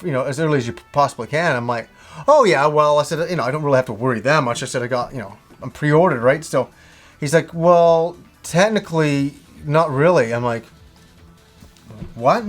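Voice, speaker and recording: A man with a slightly high voice tells a story in a loose, ranting way. He acts out both sides of each conversation and swears freely as he goes. Faint music plays underneath. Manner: animated retelling with swearing and acted-out dialogue. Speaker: video game vlogger. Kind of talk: casual storytelling rant.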